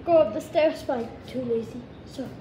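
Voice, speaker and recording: Very high, excitable woman playing a game. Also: moderate pace, a little hiss or hum, rough recording. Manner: excitable, swings from hushed murmurs to squealing shouts. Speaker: game player. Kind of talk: playful game narration.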